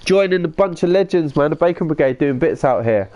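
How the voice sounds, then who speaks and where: A man's voice: fairly high pitch, animated, a little fast, a little mellow. A young man streaming a football game, chatting casually with viewers, laid-back and sweary. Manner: laid-back, sweary, reads chat aloud. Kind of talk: casual live-stream commentary.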